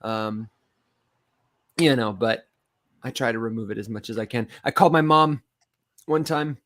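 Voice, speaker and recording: A man's voice: medium pitch, normal speed. Nasal, reedy Michigan man. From Las Vegas to Michigan, United States. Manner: animated storyteller, laughs easily. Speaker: podcast host. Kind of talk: casual livestream podcast chat.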